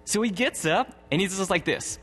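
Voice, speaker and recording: A man's voice: high voice, animated, moderate pace, a bit bright, soft background music. A man in his thirties preaching a sermon, telling a personal story in a conversational way and chuckling often. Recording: long hall reverb.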